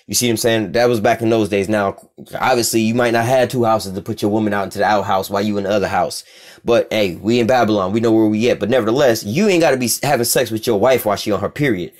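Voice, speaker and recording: Blunt, profane man teaching scripture. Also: medium pitch. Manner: blunt and profane, reading verses aloud slowly. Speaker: religious teacher.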